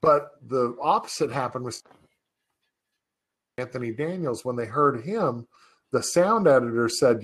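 A man chatting on a podcast, telling a story with gusto and dropping into quick voices for the people he quotes. His voice sits in the middle of the male range. He jokes as he goes. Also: mid-range voice, expressive, breathy edge. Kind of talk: casual podcast chat.

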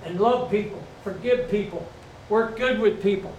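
This sermon comes from a middle-aged pastor whose high voice carries a darkish tone at a moderate pace. Preaching in a repetitive call-and-response style, he's recorded from afar in an echoey church sanctuary over faint background ambience.

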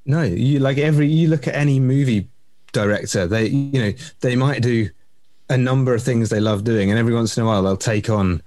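A man's voice: medium pitch, brisk, darkish tone. A man who is a guest on a business podcast, talking in a reflective way and often ending points with tag questions. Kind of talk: casual business podcast chat.

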